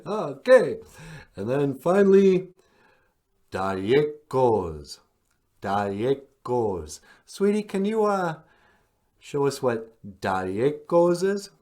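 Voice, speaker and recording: Very slow, lively-voiced man teaching words. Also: medium pitch. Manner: encouraging, calls partner sweetie. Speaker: podcast host teaching words. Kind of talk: language lesson, casual.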